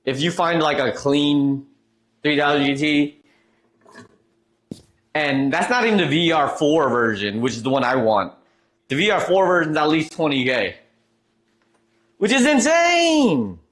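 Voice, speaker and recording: A man's voice: medium pitch, a bit bright. A man streaming live, chatting casually and reading out chat messages, trailing off and restarting as he goes.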